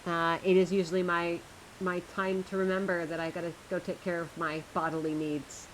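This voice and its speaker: A woman's voice: fairly low pitch, level tone, moderate pace, a little hiss or hum, rough recording. A woman streamer chatting casually to her viewers while she plays a game, chatty and self-mocking, often laughing at herself.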